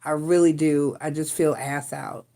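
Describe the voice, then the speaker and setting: A woman's voice: deep voice, fairly even intonation, unhurried, mellow. Frustrated woman chatting on a live stream. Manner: rambling, frustrated, with restarts and sighs. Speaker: tarot reader and live stream host. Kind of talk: casual live stream chat.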